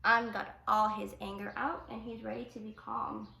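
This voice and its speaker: A woman teacher reading a picture book aloud to children, with gentle asides explaining the story. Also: a little high, little pitch movement, moderate pace, gravelly, slight background noise. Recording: echoey room.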